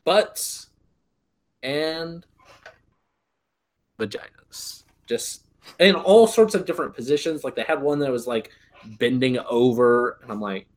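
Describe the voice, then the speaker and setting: A man chatting casually, telling animated anecdotes and mimicking the people in them. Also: mid-range voice, slow, long pauses. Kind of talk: casual chat.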